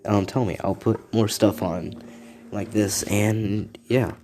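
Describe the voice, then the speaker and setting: A young man improvising a fan-fiction story in a rambling, halting way, with asides to his listeners. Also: lowish voice, steady tone. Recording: beat music playing behind. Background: music beats.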